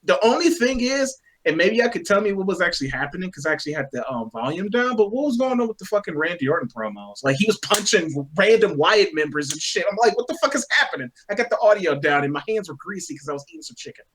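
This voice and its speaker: A man's voice: sits high, big pitch swings, quick pace, hardly any pauses, fairly bright tone. A man co-hosting a casual chat, laid-back, swearing a lot and acting out his reactions. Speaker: podcast co-host.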